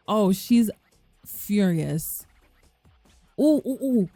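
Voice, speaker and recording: A woman hosting a let's play, giving casual, animated commentary and voicing her characters' lines with sass. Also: mid-range voice, unhurried, no echo, faint music behind.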